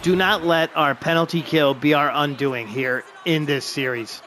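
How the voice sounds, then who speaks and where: A man giving excited play-by-play of a hockey video game he is playing, openly rooting for his team. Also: on the high side, normal speed, faint music behind.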